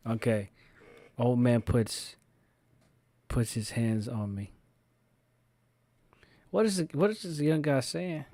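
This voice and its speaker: A man hosting a live stream, setting up and commenting on videos in a relaxed, casual way. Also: mid-range voice, slow pace, gravelly, long pauses, no room sound. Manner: laughing, amused asides.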